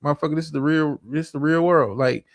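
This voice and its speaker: Gravelly profane man ranting on stream. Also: fairly high pitch, fast, dry recording. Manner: profane, stammering restarts, preachy advice. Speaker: streamer host. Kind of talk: livestream reaction commentary.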